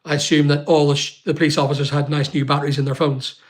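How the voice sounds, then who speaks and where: A man speaks on a livestream in a voice pitched a little above the usual male range. He talks emphatically and comes back to the same phrases. He stops often and fills the gaps with hesitations. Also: level tone. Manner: emphatic and repetitive, with frequent pauses and fillers. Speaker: YouTuber on a livestream. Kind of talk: emotional personal account.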